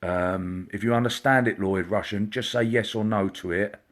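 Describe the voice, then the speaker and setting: A man, a psychic medium, hosting a casual live stream, chatty and greeting viewers by name, sometimes dropping into a quiet murmur. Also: fairly low pitch, fairly even intonation, normal speed. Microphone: computer or phone mic, live stream.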